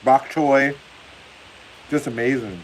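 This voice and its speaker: Speaking slowly at medium pitch, a man hosts a casual football livestream, reading out viewer comments and laughing frequently. The recording is rough, with a faint hiss behind him.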